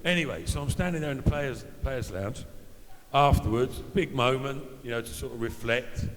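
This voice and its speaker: A man's voice: medium pitch, moderate pace, big-room sound, low-quality recording. A man in his fifties, a former footballer, telling chatty anecdotes at an evening event and acting out the voices of the people in them. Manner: chatty anecdotal storyteller, acts out quoted voices. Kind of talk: after-dinner storytelling.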